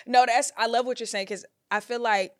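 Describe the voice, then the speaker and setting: A lively woman talking on a podcast, her voice recorded dry and close with no room sound around it. She jumps into playful, high-pitched quoted voices and then settles back into an easy, mid-range conversational tone. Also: fairly quick, no echo.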